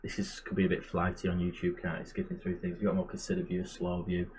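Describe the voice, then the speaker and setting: A man's voice: low voice, completely flat delivery, fast talker, darkish tone, a little hiss or hum. A man giving casual, chatty commentary while playing a management game, muttering asides to himself. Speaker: gamer and channel host.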